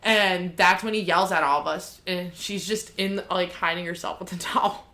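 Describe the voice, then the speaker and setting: Bright, animated young woman telling stories. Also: lowish voice, moderate pace. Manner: animated storyteller, swears freely, acts out quotes loudly. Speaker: podcast co-host. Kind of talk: casual chat.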